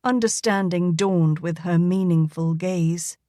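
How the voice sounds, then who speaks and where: A woman reading a romance novel aloud as an audiobook narrator, in an even, measured way. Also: on the low side, no room sound, clean studio sound. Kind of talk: scripted narration.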